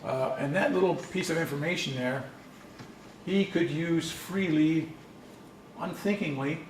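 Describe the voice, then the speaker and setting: A man's voice: a little high, measured pace. A man presenting a language workshop, explaining in a conversational storytelling way with frequent restarts. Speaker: language instructor. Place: conference session room. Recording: echoey room, distant mic, faint noise.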